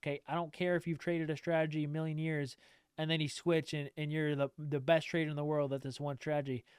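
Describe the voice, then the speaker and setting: Male trading streamer, emphatic and repetitive, resonant tone, somewhat high, dry close sound. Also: little pitch movement, quick pace, clear, resonant tone, no echo. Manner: emphatic, repetitive, swears casually. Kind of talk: direct-to-camera rant.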